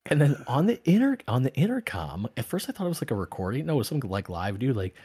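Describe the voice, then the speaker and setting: A man's voice: medium pitch, quick pace, slightly rough. A man in his thirties co-hosting a casual podcast, rambling through stories with lots of restarts. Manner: rambling, restarts, animated retellings. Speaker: podcast co-host. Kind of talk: casual chat.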